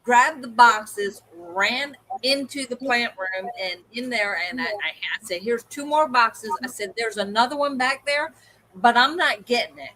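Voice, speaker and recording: A woman's voice: on the high side, moderate pace, pushed and bright, poor audio. A woman co-hosting a livestream, telling a story in casual chat and acting out the people she quotes. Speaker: co-host of a livestream hangout.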